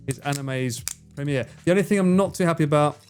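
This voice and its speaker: A man's voice: a little high, quick pace, a little mellow, soft background music. Chatty man on a livestream. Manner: chatty, swears freely, teasing banter. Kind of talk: casual livestream chat, reading chat.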